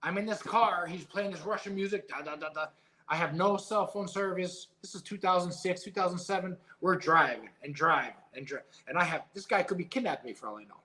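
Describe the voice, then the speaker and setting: Speaking briskly with few pauses, a middle-aged man who once boxed heavyweight recounts stories as an interview guest. His fairly high voice sounds bright and forceful; his storytelling is casual, emotional and animated, full of profanity.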